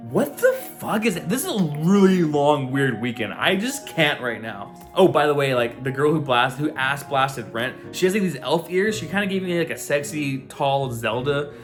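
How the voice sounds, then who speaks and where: A man's voice: medium pitch, expressive, moderate pace, hardly any pauses, fairly bright tone, faint music behind. A young man reviewing and recapping an anime in a loose, chatty, profane style, full of fillers and asides.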